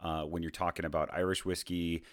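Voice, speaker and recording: A man's voice: low-pitched, little pitch movement, a little fast, no room sound, studio quality. A man from the United States hosting a casual whiskey tasting chat, explaining at length with many fillers and restarts.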